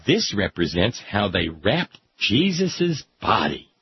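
A man reading aloud with sardonic, deadpan asides. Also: on the low side, a little slow, pauses often, slightly rough, no room sound. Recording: dull lo-fi recording.

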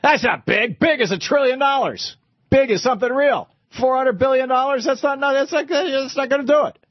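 A man quoting an excited male taxi driver in an emphatic, insistent way. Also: extremely high pitch, brisk, no echo, lo-fi sound, voice pushed up.

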